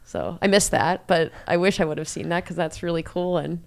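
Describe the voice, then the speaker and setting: This is a young woman doing live race commentary. Her voice sits low and has a gravelly edge, yet it comes out smooth and clean. She talks casually, with plenty of "um" as she reads out times and places. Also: fairly even intonation, a little fast, a little mellow. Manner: chatty, many fillers, reads off splits.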